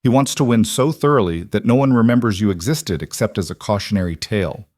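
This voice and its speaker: A man's voice: fairly low pitch, a little mellow, dry recording, studio quality, natural voice. A man voicing a blunt veteran woman lawyer. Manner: brisk, blunt, warning. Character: blunt, seasoned woman lawyer in her fifties.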